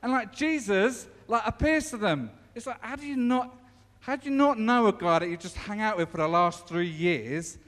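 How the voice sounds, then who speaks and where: Man, preacher, informal sermon, chatty storytelling, high voice, long echoing reverb. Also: moderate pace, a bit bright. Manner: conversational storytelling with many restarts.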